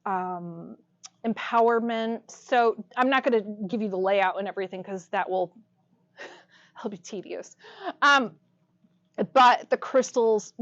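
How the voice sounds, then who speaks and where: A woman's voice: mid-range voice, dull audio. A woman teaching a live workshop to a small class, chatty, laughing often and asking the room questions. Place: shop classroom with audience.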